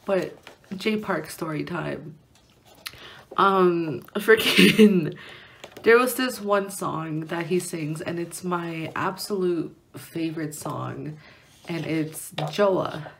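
A woman's voice: fairly low pitch, takes it slowly, creaky, a bit bright, slight background noise. A young woman vlogger chatting casually while unboxing an album, rambling and giggling, often restarting her sentences, indoors at home near a window. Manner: rambling and giggly, many restarts and filler words.

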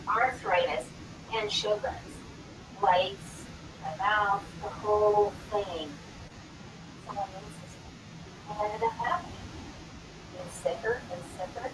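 A woman's voice: medium pitch, very animated, measured pace, roomy sound. A middle-aged woman, a guest on a talk show, telling her personal story dramatically and acting out the dialogue. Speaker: guest, wellness coach. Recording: distant mic, clear background noise.

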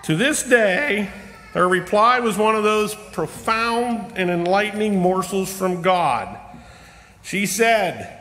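A middle-aged man giving a rambling personal sermon in a church, humorous and self-deprecating, slowing down for emphasis. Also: sits high, expressive, bright, forceful tone. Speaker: lay preacher. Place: church sanctuary. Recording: long reverb of a church hall.

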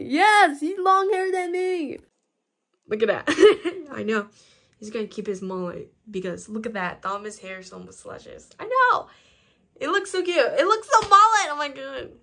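A young woman chatting excitedly in a casual vlog, rambling with lots of fillers. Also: sits high, unhurried. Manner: excitable, rambling, frequent "so basically". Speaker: vlogger.

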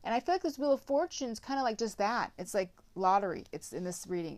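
A woman's voice: mid-range voice, sing-song, fairly quick, few pauses, a little mellow. A woman giving a casual tarot reading, rambling with lots of filler words and some blunt swearing. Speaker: tarot reader.

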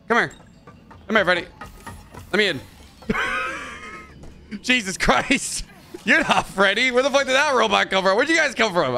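Brief: male gaming YouTuber, slightly high, jokey and loud when spooked, soft music underneath. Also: gravelly. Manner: jokey, swears, mutters, yells when startled. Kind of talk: let's-play commentary.

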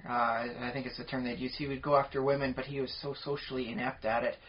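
A man's voice: medium pitch, level tone, fast talker, a little hiss or hum. A man co-hosting a podcast in casual chat, talking at length with many fillers. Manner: rambling, talkative, lots of fillers. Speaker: podcast co-host. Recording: dull lo-fi podcast audio.

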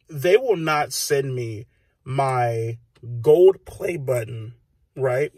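A man's voice: a little high, dry recording. A man in his thirties from the United States, ranting heatedly with constant swearing and filler phrases as a vlogger recording on his phone. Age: 30s. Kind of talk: profane rant to camera.

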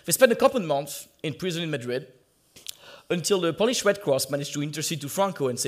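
Animated man telling a history story. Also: a little high, fast. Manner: lively storytelling with many fillers and restarts. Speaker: conference speaker. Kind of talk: conference talk on history.

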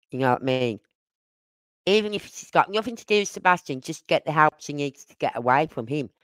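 A woman's voice: sits low, animated, fairly quick, dry recording. An older woman with a Birmingham accent, hosting a casual livestream and talking bluntly and at length to her chat. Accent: Birmingham (Brummie). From Birmingham, England. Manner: blunt, outspoken, rambling. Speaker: livestream host.

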